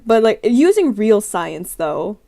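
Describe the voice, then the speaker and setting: A woman's voice: medium pitch, big pitch swings, takes it slowly, vocal fry, dark tone. A young adult woman streamer in her room, chatting casually through scenario questions in a rambling, giggly, self-deprecating way.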